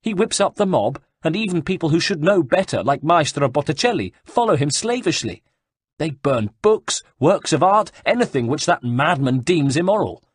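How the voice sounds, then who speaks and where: A man voicing a bitter, hot-headed young exiled nobleman who rants indignantly, in a dry, husky recording. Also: on the high side, very animated, normal speed, no echo, voice pushed up. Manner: indignant, ranting.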